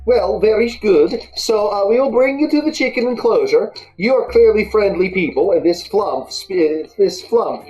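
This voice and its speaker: A woman puts on a male deep gnome who speaks in a put-on Nordic accent. He is formal and inquisitive. The voice is lively and mellow, with soft music behind it. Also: close to an everyday voice, low-quality recording. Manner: formal, questioning.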